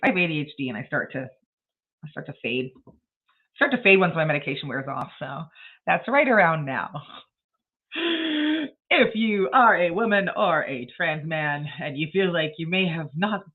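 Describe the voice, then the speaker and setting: A woman's voice: deep voice, lively intonation, normal speed, pauses often, narrow, tinny audio. A woman hosting a casual writing livestream, chatting bluntly and rambling with frequent laughs. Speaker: livestream host.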